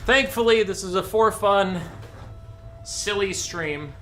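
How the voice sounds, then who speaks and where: A man streaming a strategy game who tells a jokey, animated story and then runs through the armies. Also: high voice, slow pace, a little hiss or hum.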